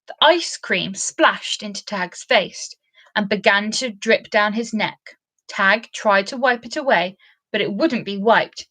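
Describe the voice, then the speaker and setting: A woman reading a children's storybook aloud, expressive and lilting. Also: mid-range voice, unhurried, no room sound. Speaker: storybook reader.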